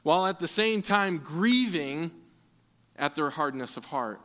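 A man's voice: on the high side, lively intonation, unhurried, fairly bright tone. A man preaching a sermon in an earnest way, often repeating words as he restarts. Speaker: pastor.

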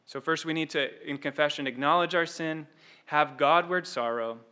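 A man's voice: on the high side, moderate pace, pushed and bright, clear, resonant tone. A man preaching an expository sermon, earnest, often repeating words and tossing in "like" and "right?".

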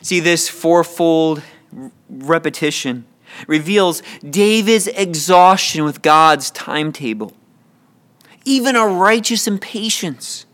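A man's voice: on the high side, animated, slow pace, a bit bright. A man preaching a sermon with passion, often repeating words as he builds a point.

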